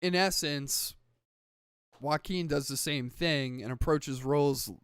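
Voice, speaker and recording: A man's voice: a little high, slow pace, a bit bright, smooth, dry recording, studio quality. A man co-hosting a podcast, telling stories in rambling casual chat full of filler words and swearing. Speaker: podcast co-host.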